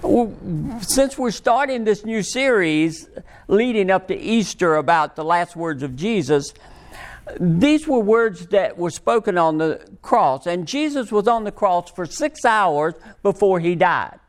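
Slow, lively-voiced male preacher. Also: sits high. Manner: slow, emphatic preaching with rising and falling emphasis. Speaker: pastor. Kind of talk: sermon.

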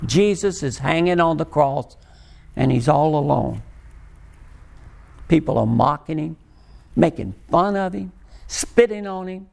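Slow, lively-voiced male preacher. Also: on the high side, vocal fry. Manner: slow, emphatic preaching with rising and falling emphasis. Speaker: pastor. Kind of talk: sermon.

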